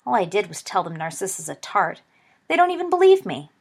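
A woman's voice: lowish voice, steady tone, fairly quick, gravelly, husky. Sirius Black, a woman voicing an indignant teenage boy. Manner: indignant, then mumbling.

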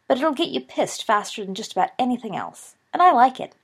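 Woman playing a loud know-it-all older wizard, booming and pitched up, storybook. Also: animated, brisk, slightly rough. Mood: hearty. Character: boisterous young adult wizard, loves to lecture. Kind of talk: audiobook character voice.

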